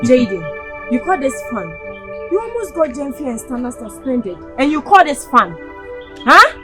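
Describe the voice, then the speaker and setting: A woman's voice: medium pitch, sing-song, slow, music in the background. A woman playing an indignant young student who confronts a classmate.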